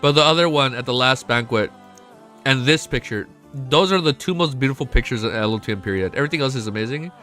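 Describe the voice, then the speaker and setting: A young man chatting casually on a live stream, excitable and swearing often, swinging from quiet gratitude to loud excitement. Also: mid-range voice, fast. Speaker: livestreamer. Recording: faint music behind.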